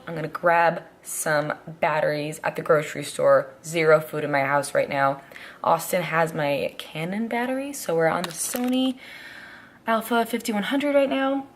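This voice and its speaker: A woman in her twenties, a fitness vlogger, chatting upbeat and casual to camera on a handheld camera mic. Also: fairly low pitch. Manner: upbeat, chatty, talks to viewers directly. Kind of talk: casual vlog chat to camera.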